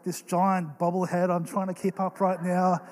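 A young pastor, his voice high for a man, preaches a sermon at a normal speed through earnest, animated storytelling. His words ring out with a long reverb in a large church hall.

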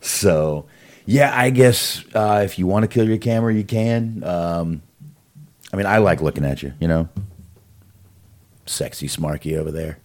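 A man's voice: low-pitched, measured pace, long pauses, darkish tone. A man co-hosting a podcast over a video call. He chats casually, swears freely and rambles with plenty of fillers. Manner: loose and profane, rambling with fillers. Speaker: podcast co-host. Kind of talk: casual chat.

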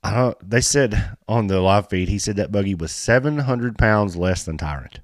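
A low-pitched man with a drawl, chatting casually as a podcast host. He talks bluntly and jokes in a folksy way. The sound is dry and close, with no room behind it. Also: moderate pace, no room sound. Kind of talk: casual chat about off-road racing.

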